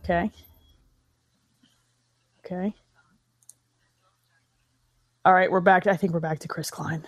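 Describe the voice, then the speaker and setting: A woman's voice: fairly low pitch, steady tone, moderate pace, dry recording. Woman co-host, snarky and foul-mouthed movie riffer, dry close sound. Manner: sarcastic, swearing, mocking the film. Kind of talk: casual movie commentary.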